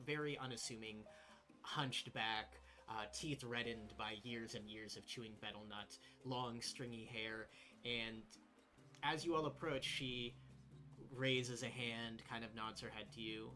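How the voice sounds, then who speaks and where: A man narrating a tabletop role-playing game as game master, relaxed and descriptive with frequent fillers. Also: mid-range voice.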